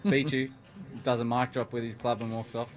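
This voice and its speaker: A father, a guest on the show, telling chatty, halting anecdotes. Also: mid-range voice, flat delivery. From Australia. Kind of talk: casual storytelling.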